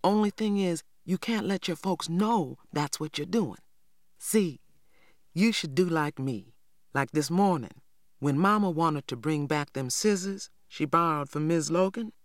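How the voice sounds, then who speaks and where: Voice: mid-range voice, unhurried, no room sound, voice pushed up, lightly acted. A reader voicing a boastful, lazy teenage boy who talks in a drawling rural dialect, in a dry audiobook recording. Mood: smug. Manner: drawling, self-satisfied, Southern rural dialect. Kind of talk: audiobook character voice.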